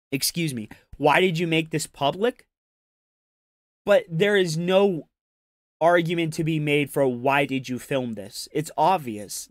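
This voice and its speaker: A man's voice: a little high, dry recording, studio quality. A man doing casual reaction commentary on a stream, ranting in an exasperated, profane and mocking way.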